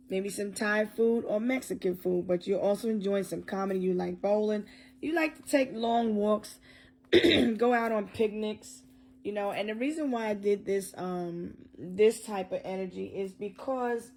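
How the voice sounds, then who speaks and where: A woman's voice: mid-range voice, a little mellow, a little hiss or hum. A woman giving a loose, joking tarot reading, freestyling and cursing as she goes. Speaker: tarot reader.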